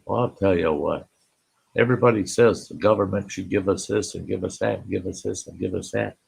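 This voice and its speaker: A man's voice: low voice, steady tone, brisk, vocal fry, breathy edge. An older man hosting a casual live stream, folksy, greeting chat viewers by name and often laughing, with an Upper Midwest American accent.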